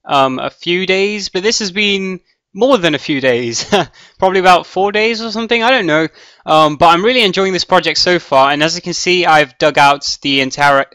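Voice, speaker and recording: Casting note: man with a crisp, fairly high voice, chatty let's-play rambler, thinking aloud, dry close mic. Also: normal speed, bright, forceful tone, no echo. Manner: rambling, thinks aloud with many ums and restarts. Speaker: Minecraft let's player. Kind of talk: casual gameplay commentary.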